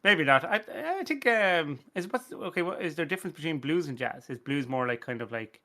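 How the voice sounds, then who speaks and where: An Irish man with a bright, forceful voice pitched a bit high, talking loosely in casual podcast chat. He rambles, swears freely and breaks into laughter at his own awkward stories. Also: expressive, a little fast. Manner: rambling, sweary, laughs often, self-deprecating. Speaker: podcast host.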